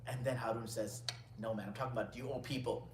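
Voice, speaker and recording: A man teaching a religious gathering, telling stories with lively retelling, quoting Arabic lines and then translating them. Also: mid-range voice, fast, a little hiss or hum. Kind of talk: storytelling lecture. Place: indoor gathering room. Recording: echoey room, distant mic.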